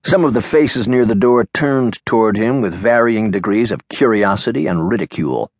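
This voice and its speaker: A man narrating an audiobook in a measured, expressive way. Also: on the low side, dry recording, studio quality. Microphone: studio microphone.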